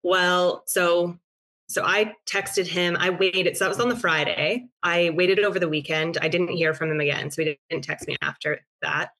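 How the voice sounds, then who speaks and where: Young woman with a very low voice, hesitant. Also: fairly even intonation, normal speed, sharp tone. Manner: hesitant, filler-heavy storytelling. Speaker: podcast guest telling a dating story. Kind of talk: casual podcast chat.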